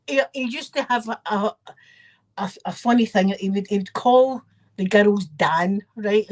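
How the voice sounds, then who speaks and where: A woman with a Scottish accent telling rambling, animated family anecdotes in a casual chat, with frequent asides. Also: mid-range voice, a little slow. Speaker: channel host.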